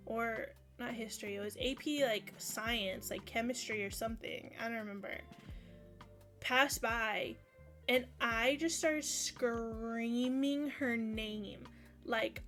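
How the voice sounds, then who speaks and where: A woman's voice: fairly high pitch, a bit bright. A woman telling a personal story in a casual way, acting out the quotes as she goes. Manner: slow, unhurried storytelling with acted-out quotes. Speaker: streamer on an esports channel.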